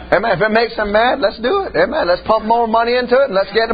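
A man preaching a folksy storytelling sermon, emphatic and colloquial, building to shouted points, on a slightly muffled recording with a faint hum. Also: sits high, lively intonation, fast talker, hardly any pauses.

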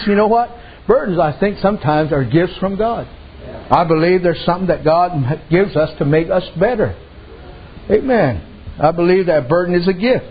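A man with a notably high voice preaches in a folksy, rambling way, telling stories and tossing in "amen" between thoughts. The recording sounds muffled and lo-fi. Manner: folksy, repeats "amen" and "I said", uses dialect. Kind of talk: sermon with storytelling. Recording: dull lo-fi sound.

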